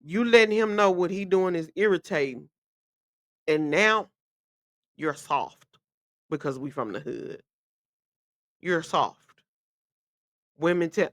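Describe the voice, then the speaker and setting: A woman's voice: fairly low pitch, animated, slow, long pauses, dry recording, clean studio sound. A woman, hosting a podcast and giving blunt, emphatic advice in a casual monologue. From Memphis, USA. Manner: blunt, emphatic, repeats key phrases. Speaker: podcast host.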